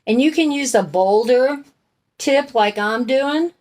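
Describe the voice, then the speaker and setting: A woman's voice: high-pitched, expressive, slow pace, darkish tone. A middle-aged woman hosting a crafting channel, chatting in a folksy way while she paints and explains each step. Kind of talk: casual craft tutorial talk.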